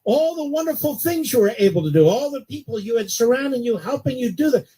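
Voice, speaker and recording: A man's voice: extremely high pitch, animated, fast, dark tone, slightly rough. An older man hosting a talk radio show, delivering an indignant, sarcastic monologue.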